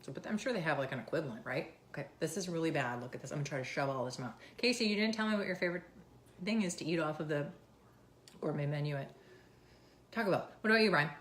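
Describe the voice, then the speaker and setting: A woman in her thirties with a low voice, rambling casually to her viewers. She talks in a loose, chatty way. The recording has a roomy echo. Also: animated, fast. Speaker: vlogger. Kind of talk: casual chat.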